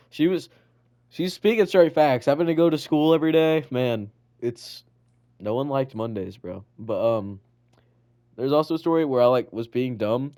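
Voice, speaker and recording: A young man chats on a podcast, rambling loosely through stories with plenty of "like" and "bro". His voice sits at an ordinary middle pitch. The sound is dry, with no room around it. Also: dark tone, dry recording. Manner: rambling storyteller, loads of "like" and "bro". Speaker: podcast co-host. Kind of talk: casual chat.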